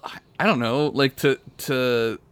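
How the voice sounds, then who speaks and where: A man co-hosting a podcast, chatting in a crude, joking way and laughing often. His voice is bright and forceful. It sounds close to the mic in a dry room. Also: mid-range voice, fairly even intonation, unhurried, clean tone, no echo. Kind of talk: casual chat.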